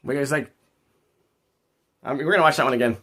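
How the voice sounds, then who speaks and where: A man's voice: medium pitch, fast, heavy background noise. A man hosting a casual livestream, rambling and joking as he talks back to his chat. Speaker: livestream host.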